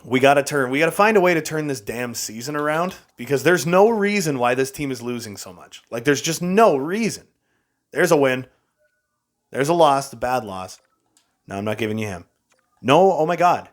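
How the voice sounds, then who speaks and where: A man's voice: mid-range voice, expressive, normal speed. A young man giving casual, frustrated commentary while playing a hockey game, talking to himself and laughing at his own bad luck. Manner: frustrated, exasperated, self-mocking with frequent laughs. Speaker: gaming YouTuber.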